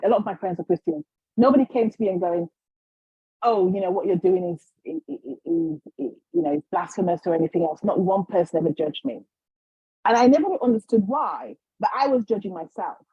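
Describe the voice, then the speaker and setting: A woman guest, a healer, telling her story in a casual, animated way, acting out the voices of others. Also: mid-range voice, breathy edge, dry recording, dull audio. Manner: animated, acts out quotes, frequent restarts.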